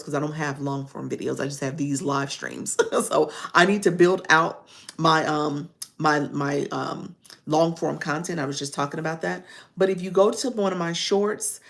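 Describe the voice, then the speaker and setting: Low gravelly-voiced woman with Chicago accent. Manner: chatty, rambling, laughs often. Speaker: live-streaming coach. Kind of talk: casual livestream talk.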